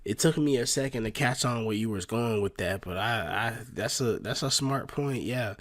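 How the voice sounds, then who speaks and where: A man's voice: mid-range voice, moderate pace. A man hosting a reaction video in casual, slangy commentary, laughing and joking between remarks. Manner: slangy, laughing, joking, says "bro" a lot. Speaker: reaction channel host.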